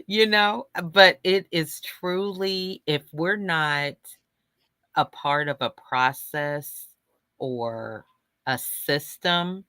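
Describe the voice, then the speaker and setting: A speaker in a casual podcast chat, sympathetic and lively. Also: mid-range voice, very slow, smooth, dry recording. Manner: sympathetic, lively, laughs easily.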